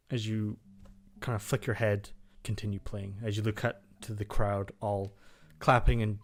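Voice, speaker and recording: A man's voice: fairly low pitch, little pitch movement, moderate pace, soft background music. A man narrating as game master, loose and full of fillers.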